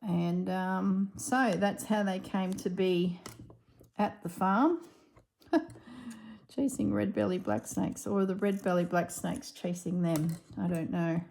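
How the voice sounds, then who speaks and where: A woman's voice: on the low side, takes it slowly, creaky, a little mellow, slight background noise. A middle-aged woman, chatting casually and laughing as she tells a story during a crafting vlog. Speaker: crafting vlogger. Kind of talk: casual chat while crafting.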